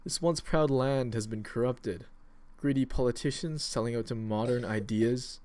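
A man's voice: moderate pace, natural voice. Silky, seductive, speechifying villain, voiced by a man. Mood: rabble-rousing. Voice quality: deep, silky and almost seductive. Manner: pompous, speechifying, grows louder. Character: silky, menacing male villain with grand plans.

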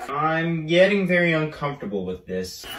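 A man's voice: on the high side, big pitch swings, normal speed, a bit bright, slight background noise. Man voicing Slash, a jittery toy truck. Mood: uneasy. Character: nervous male RC truck, Slash, uneasy.

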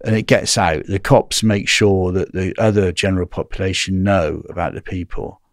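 Speaking at a normal speed in a low voice, a middle-aged English guest chats in a casual interview, recorded in clean studio sound with no echo. His stories are lively and full of recounted dialogue, punctuated again and again by "right?"

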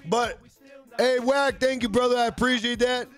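A man's voice: very high voice, steady tone, normal speed, a bit bright, faint music behind. A man live-streaming a game, chatting casually and profanely while reading viewers' messages aloud. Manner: rambling, profane, jokey, reads chat aloud. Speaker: gaming streamer.

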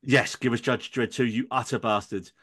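A man hosts a loose, casual podcast conversation with friends. He jokes and swears for comic effect, and his voice sits in a middle pitch. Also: fairly even intonation, normal speed, a bit bright. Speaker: podcast host.

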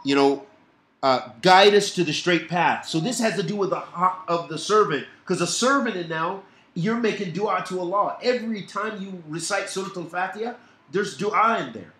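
A man teaching a Quran commentary lesson, explaining verses with quick recited quotations and repeated emphasis. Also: sits high, fairly bright tone, roomy sound. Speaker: Islamic teacher.

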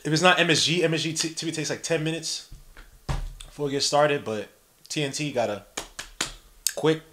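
A man's voice: a little high, brisk, slight background noise. Slangy New man calling a game. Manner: animated, slangy, jokes and reads chat aloud. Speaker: podcast host giving live play-by-play. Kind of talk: casual live-stream commentary.

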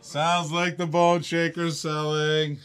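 A man's voice: fairly high pitch, level tone, takes it slowly, fairly bright tone, clean tone. A man co-hosting a live toy car auction, playful and laughing as he calls out the bids.

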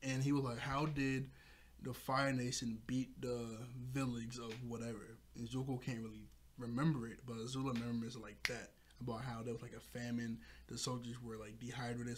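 A man's voice: medium pitch, level tone, brisk, background noise. A man recapping a cartoon episode in a loose, slangy way, often laughing and correcting himself. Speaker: show reviewer.

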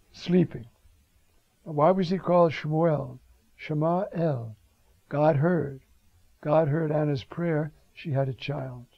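An older priest preaches in a slow, unhurried way, his voice gravelly and husky. He talks conversationally, keeps asking "you see?" and drops in Hebrew words. The recording is dull and lo-fi. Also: fairly high pitch, dry recording. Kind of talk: homily on scripture.

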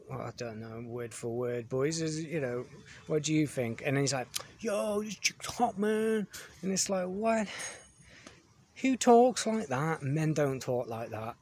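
A man's voice: mid-range voice, a little mellow. A man giving a blunt, dismissive review monologue, with frequent "you know what I mean" asides.

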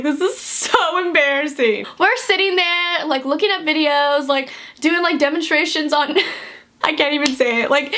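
A young woman vlogger telling a story in a chatty, animated way, full of fillers. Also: sits high. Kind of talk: storytime vlog.

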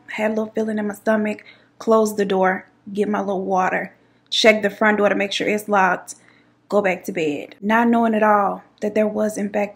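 In a gravelly mid-range voice, a woman tells her YouTube viewers a dramatic story from her own life. Her style is sassy and chatty, with listeners addressed as "child" and "girl."

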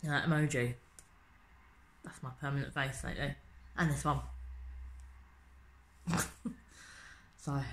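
A woman, chatting casually and swearing often in a home video diary, asking rhetorical questions. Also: low-pitched. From England. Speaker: vlogger. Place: home in the city.

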